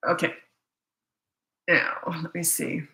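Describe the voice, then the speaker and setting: A middle-aged woman from Canada giving parenting advice in a casual live Q&A, talking in a brisk, direct way and reading viewer questions aloud. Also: sits low, level tone, creaky, bright, forceful tone. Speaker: parenting coach. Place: room at her computer. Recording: echoey room.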